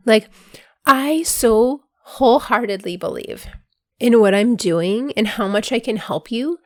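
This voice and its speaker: A woman hosting her own podcast, talking casually in a voice hoarse from being sick, filling her sentences with "like" and breaking into bursts of excitement. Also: a little high, no echo, studio quality. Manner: chatty, fills with "like", bursts of excitement. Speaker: podcast host. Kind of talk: casual solo podcast monologue.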